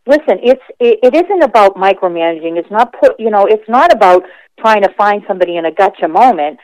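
A woman school board member calling in to a radio show, speaking earnestly with a slightly gravelly morning voice. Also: mid-range voice, expressive, fairly quick, a little mellow, dry recording, poor audio. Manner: earnest, emphatic, restarts phrases. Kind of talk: call-in conversation.

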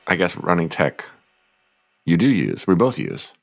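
A man's voice: deep voice, wildly swooping pitch, unhurried, gravelly, no room sound. A man co-hosting a podcast, rambling in a self-deprecating way and laughing easily. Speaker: podcast co-host. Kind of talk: casual chat.

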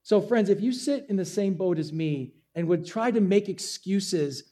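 A man's voice: high voice, expressive, normal speed, dark tone. A man preaching as a pastor, casual and self-deprecating, acting out little asides in a sermon to his church.

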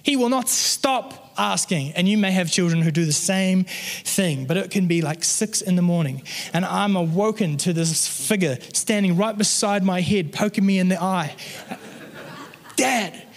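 A man in his thirties preaches an earnest sermon in a conversational way, weaving in stories from his own life. His voice sits high for a man. The sound carries a long reverb, as in a church hall. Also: moderate pace. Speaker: pastor.

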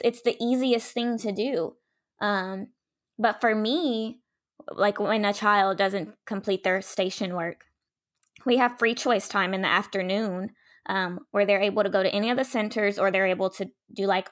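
A woman's voice: medium pitch, fairly even intonation, a little slow, dry recording, studio quality. Thoughtful woman educator. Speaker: podcast co-host, educator. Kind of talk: casual chat.

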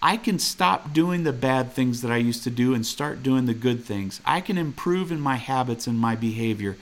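A man's voice: mid-range voice, lively intonation, normal speed. A man preaching a sermon in an earnest, direct way, reading scripture aloud and challenging listeners with questions. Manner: reads scripture aloud and comments on it.

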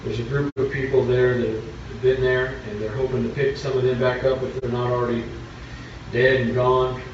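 A man's voice: medium pitch, level tone, moderate pace, slight background noise. A man preaching a sermon, telling a story plainly and building to fervent preaching. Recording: echoey church from far off, dull.

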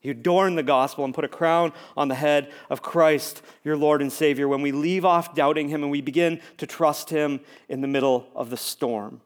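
A man preaching a sermon as a pastor, talking conversationally, building to emphatic repeated lines and dropping to hushed near-whispers. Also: fairly high pitch, fairly even intonation, normal speed, hardly any pauses.

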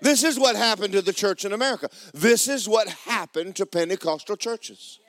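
A man preaching a sermon, joking with the congregation and breaking into loud shouts. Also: sits high, moderate pace, no room sound. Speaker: pastor.

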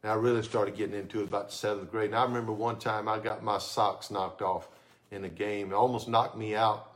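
A male pastor preaching a sermon with fervent energy that sometimes drops to soft, intimate tones, speaking on a microphone in a church sanctuary. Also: fairly low pitch, brisk. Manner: fervent, rising to excited shouts then dropping to soft, intimate tones.

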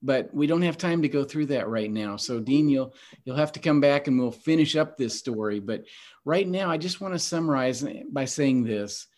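A man's voice: mid-range voice, moderate pace, a little mellow. A man hosting a Bible teaching podcast, earnest and emphatic in a preacherly way. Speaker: host.

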